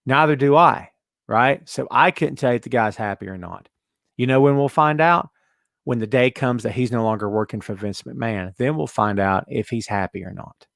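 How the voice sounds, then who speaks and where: Sarcastic, animated wrestling show host, man. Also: mid-range voice, normal speed, gravelly, dry recording, studio quality. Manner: sarcastic, animated, mocking put-on voices. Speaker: podcast host. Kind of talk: casual wrestling talk show, reading viewer comments.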